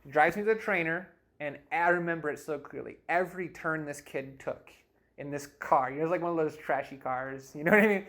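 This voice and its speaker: A man casually recounting a personal story, chatty and animated, acting out the voices of other people along the way. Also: a little high, fairly quick. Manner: chatty, with frequent laughs and fillers like "you know". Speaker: storyteller recounting his life.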